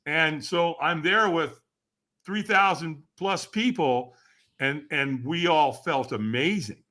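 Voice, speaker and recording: A man as a podcast guest, telling a personal story in an animated way, acting out other people's voices and asking the listener rhetorical questions. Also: on the high side, slow. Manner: animated, acts out quoted voices with sudden shouts.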